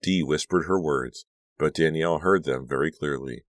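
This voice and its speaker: A man narrating a suspense audiobook with measured, dramatic storytelling. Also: a bass voice, dry recording, studio quality. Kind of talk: scripted narration.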